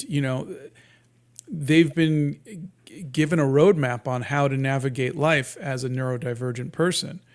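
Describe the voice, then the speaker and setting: Soft-spoken halting man in his fifties. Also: mid-range voice. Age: 50s. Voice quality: soft, sleepy-sounding normal voice. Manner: halting, many restarts and fillers. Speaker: guest cartoonist. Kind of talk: casual interview talk.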